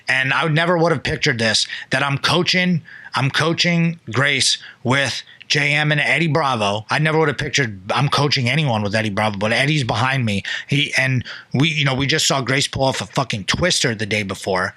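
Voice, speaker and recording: Young male podcast host, bright tone, dry sound, loose and excitable storyteller who drops in quick impressions. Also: medium pitch, dry recording. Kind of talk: casual storytelling chat.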